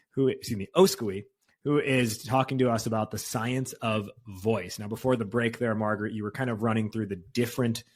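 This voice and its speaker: A man hosting a podcast interview over a video call, asking long rambling questions full of fillers and restarts. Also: on the low side. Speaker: podcast host. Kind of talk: casual interview.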